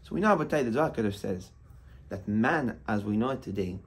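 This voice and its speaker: A rabbi delivers a sermon in a husky, breathy voice, his pitch swinging widely as he builds emphasis. He preaches with passion, pressing his points hard and folding Hebrew terms into the flow. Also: lively intonation, quick pace.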